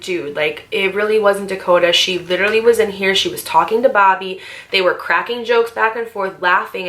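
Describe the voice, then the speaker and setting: Bright-voiced young woman telling a story. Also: medium pitch. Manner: animated, swearing, acts out quoted voices. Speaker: storytime vlogger. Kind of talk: casual storytelling.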